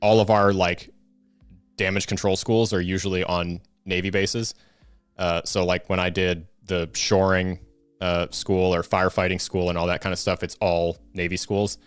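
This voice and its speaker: A man's voice: deep voice, flat delivery, normal speed, smooth, no room sound. A man co-hosting a casual live-stream show, telling stories with lots of fillers and restarts. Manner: rambling storyteller, many fillers and restarts. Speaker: co-host.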